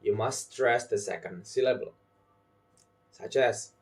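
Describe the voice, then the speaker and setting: A young adult man works as an English pronunciation tutor in a scripted lesson. He speaks slowly and deliberately, saying the example words loudly and at a high pitch.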